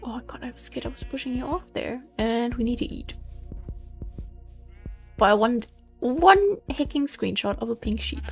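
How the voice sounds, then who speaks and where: A young woman with a slightly high voice and a gravelly edge hosts a relaxed game let's play. She chats in a loose, rambling way, telling everyday stories over faint background music. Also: moderate pace, long pauses. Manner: chatty, rambling storytelling. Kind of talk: casual gaming commentary.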